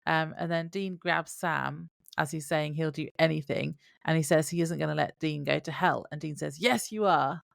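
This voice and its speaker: A woman's voice: low voice, normal speed, gravelly, hardly any pauses, no echo, clean studio sound. A woman co-hosting a podcast, chatting casually as she walks through a TV episode's plot. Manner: relaxed, chatty, laughs along. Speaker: podcast co-host.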